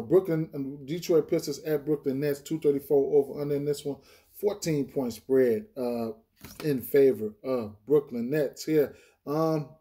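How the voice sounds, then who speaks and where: A man's voice: medium pitch, dark tone. A man hosting a sports betting channel, casually breaking down picks, thinking aloud with lots of fillers and profanity. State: hiccuping.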